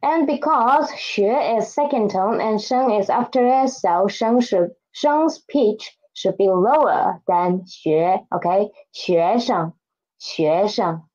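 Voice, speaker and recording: A woman's voice: a little high, animated, slow pace, hardly any pauses, darkish tone, muffled recording. A woman teaching an online Chinese lesson, saying new words twice and asking learners to repeat after her.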